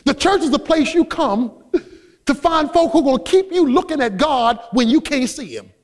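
A man, a pastor, delivering an emphatic sermon that swings between soft asides and shouted high points. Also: animated, moderate pace, big-room sound.

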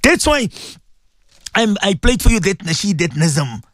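A man preaching on the radio, impassioned and repetitive, swinging from low murmurs to high cries. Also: big pitch swings, unhurried, a bit bright, slight background noise. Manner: repetitive, emphatic. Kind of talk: radio sermon.

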